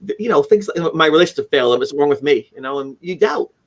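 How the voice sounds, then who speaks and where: Fast-talking and expressive, this man in his forties has a voice on the high side; he's the guest on a casual live stream and author of a haunting memoir. His account wanders earnestly, with frequent restarts. He appears over video from a room in his home lined with keepsakes.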